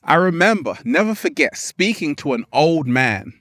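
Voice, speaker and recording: A man giving an animated, playful motivational vlog outdoors in nature, laughing often. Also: fairly high pitch, moderate pace, dry recording, studio quality. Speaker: spiritual vlogger.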